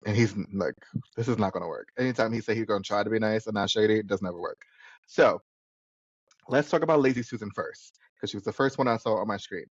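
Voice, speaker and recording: A man's voice: fairly low pitch, quick pace, slightly rough, no echo. A man co-hosting a casual podcast who rambles along and keeps fumbling for names. His voice comes through a slightly muffled, dry recording with no room sound. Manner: chatty, rambling, trips over names. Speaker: podcast co-host. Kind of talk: casual chat recapping a reality show.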